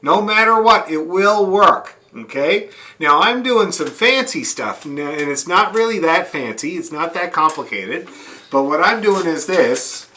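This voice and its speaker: A man's voice: fairly high pitch, lively intonation, measured pace, pushed and bright, slight background noise. A man teaching fiddle, demonstrating bowings, counting beats aloud and often checking that his students are following. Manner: frequent check-ins asking students if they see. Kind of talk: online music lesson.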